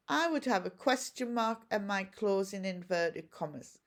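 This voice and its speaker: A woman's voice: mid-range voice, lively intonation, measured pace. A woman teacher giving a recorded home-learning lesson, explaining each step patiently and asking questions as she goes. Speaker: primary school teacher.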